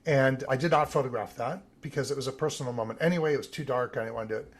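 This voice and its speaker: A man, an Olympic team photographer, telling lively stories in a podcast interview and acting out the voices of the people he quotes. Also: medium pitch, racing, husky. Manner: animated storyteller, acts out quoted voices.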